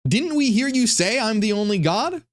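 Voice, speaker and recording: A man's voice: sits high, animated, moderate pace, pitched above the performer's own voice. A man doing outraged cosmic rulers. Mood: indignant. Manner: exasperated, shouting questions. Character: indignant confused cosmic rulers, male group.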